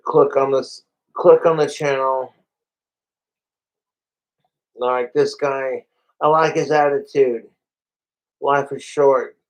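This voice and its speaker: A man chatting through a late livestream, tipsy and slurring a little from alcohol. He talks slowly in a rambling, excitable way and swears often. His voice sits at an ordinary middle pitch. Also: poor audio. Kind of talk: casual livestream commentary.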